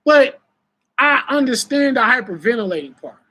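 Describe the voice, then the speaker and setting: A young adult man talks loosely on a live stream, swinging between loud bursts and low mutters as he tells his story. His voice has a bright, forward edge. He swears freely and stays animated. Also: moderate pace, breathy edge. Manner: animated, profane, laughing storytelling. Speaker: battle rapper and host. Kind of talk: live stream casual talk.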